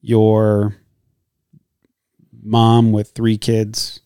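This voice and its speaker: Mellow low-voiced man, careful clinician. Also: completely flat delivery, very slow, smooth, dry recording, studio quality. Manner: careful, hedging, thinks aloud. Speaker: hospital clinician, podcast guest. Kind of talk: casual podcast conversation.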